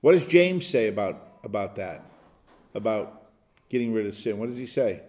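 Emphatic, animated male pastor. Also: lowish voice, moderate pace, faint music behind. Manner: emphatic, animated, bursts into loud shouted "no". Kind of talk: interactive Bible study teaching.

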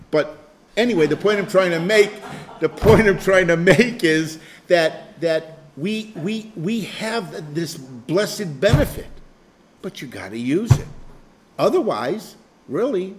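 A man's voice: high-pitched, slight background noise. An older man leading a Bible study group in an informal sermon, rambling, repeating phrases and chuckling.

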